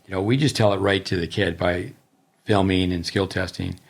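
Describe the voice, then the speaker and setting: A man in his thirties, a tennis coach and podcast host, talking casually and thoughtfully, pausing to rephrase his points. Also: low-pitched, fairly even intonation, gravelly.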